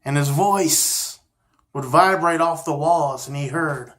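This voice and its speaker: A man telling a story in a gentle, unhurried, folksy way, as host of a storytelling series. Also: a little high. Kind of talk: storytelling narration.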